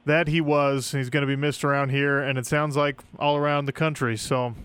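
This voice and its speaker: A man's voice: mid-range voice, flat delivery, normal speed, a bit bright, smooth, no room sound. A man hosting a radio interview, speaking politely to a guest. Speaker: radio host.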